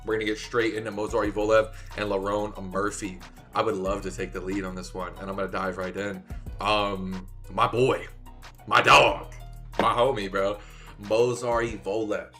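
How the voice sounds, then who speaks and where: Hyped man with a bright, forceful voice. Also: fairly low pitch, moderate pace, faint music behind. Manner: excitable, swears, shouts when hyped. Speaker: podcast co-host, betting analyst. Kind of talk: hyped casual sports betting talk.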